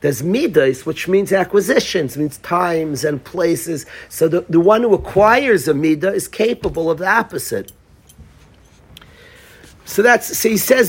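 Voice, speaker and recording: A man giving a casual Torah class, animated and acting out the lines he quotes. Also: high-pitched, a little slow, breathy edge. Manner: animated, acts out quoted lines, restarts often. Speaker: Torah teacher.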